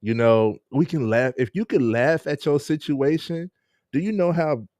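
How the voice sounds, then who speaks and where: A man's voice: on the high side, normal speed, a little mellow, no room sound, studio quality. A man hosting a casual live-streamed interview, chatting with viewers and laughing often. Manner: laid-back, laughs often, chats with viewers.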